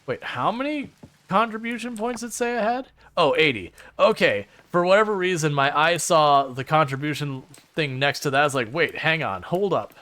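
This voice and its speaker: A man's voice: fairly high pitch, moderate pace, bright, forceful tone. A man live-streaming a game, chatting casually and rambling with sarcastic asides to his viewers from a home setup. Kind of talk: casual live-stream chat while playing.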